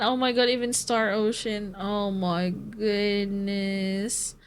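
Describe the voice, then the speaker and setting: A woman's voice: mid-range voice, flat delivery, slow, hardly any pauses, smooth. A woman streamer chatting casually with her viewers, swearing and laughing often as she answers chat.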